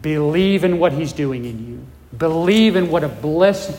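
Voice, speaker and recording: A man's voice: fairly high pitch, expressive, normal speed, darkish tone, in a large hall. A man preaching a sermon, emphatic, with lots of repeated words and rhetorical questions. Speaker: pastor.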